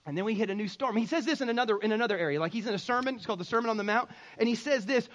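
A man preaching a sermon in a conversational, emphatic way, with sudden loud bursts. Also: high voice, rapid-fire, few pauses, dull audio. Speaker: pastor.

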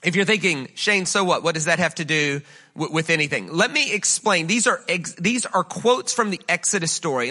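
Man, guest preacher, high-pitched, bright tone, rhetorical questions, church stage mic. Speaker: guest speaker. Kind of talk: sermon. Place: church sanctuary.

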